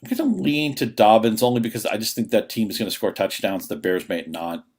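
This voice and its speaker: Low-voiced guy rattling off fantasy picks quick, lots of restarts. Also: expressive, darkish tone, breathy edge. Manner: rapid, analytical, with quick restarts. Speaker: fantasy football analyst guest. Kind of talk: casual sports radio chat.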